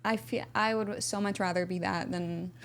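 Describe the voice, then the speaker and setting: A woman's voice: lowish voice, fairly even intonation, normal speed, slight background noise. A woman hosting a podcast in casual chat, supportive and encouraging, laughing along with her guest. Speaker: podcast host. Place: podcast studio.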